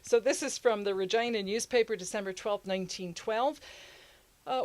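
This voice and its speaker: A woman's voice: medium pitch, moderate pace, darkish tone, no echo. A woman co-hosting a history podcast, talking casually with laughing asides and many fillers. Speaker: podcast co-host.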